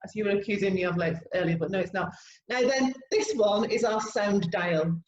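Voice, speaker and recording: A woman co-hosting a podcast, explaining classroom teaching ideas in a steady, encouraging way. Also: mid-range voice, moderate pace. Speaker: podcast co-host, language teacher. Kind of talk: casual podcast discussion. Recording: echoey room, dull sound, faint noise.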